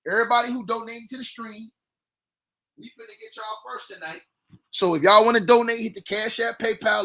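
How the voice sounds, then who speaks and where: Hyped high-voiced man trash-talking on stream. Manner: loud, repetitive, trash-talking. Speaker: livestream sports commentator. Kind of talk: hyped livestream sports talk.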